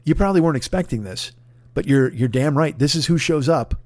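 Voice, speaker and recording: A man in his forties chats on his podcast in a loose, rambling way, swearing freely and bragging in jest. His voice sits a little higher than most men's. The sound is dry and close, with no room around it. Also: expressive, a little fast, darkish tone, no room sound. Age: 40s. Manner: profane, rambling, mock-boastful. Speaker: podcast host. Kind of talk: casual comedic podcast plug.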